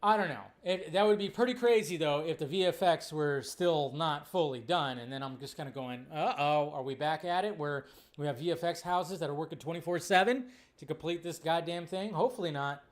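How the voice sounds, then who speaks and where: A man's voice: fairly high pitch, a little fast, hardly any pauses. A man hosting a casual live movie news stream, ranting incredulously, with profanity. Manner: animated, incredulous rants with profanity.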